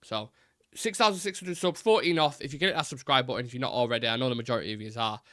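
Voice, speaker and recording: A man's voice: medium pitch, fast, a bit bright, no echo, studio quality. A man hosting a live football fan stream, chatting casually and rambling, swearing now and then.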